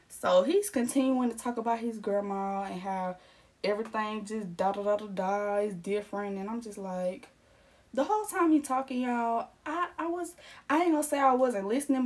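A young woman chats through a storytime, animated and full of slang. She laughs often and acts out the lines of the people in the story. Her voice sits fairly high. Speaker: storytime vlogger. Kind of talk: casual storytime chat.

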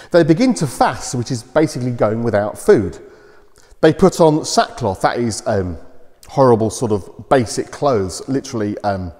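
A man giving a children's talk at church, retelling a Bible story in simple, animated storytelling style. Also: medium pitch. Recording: long church reverb.

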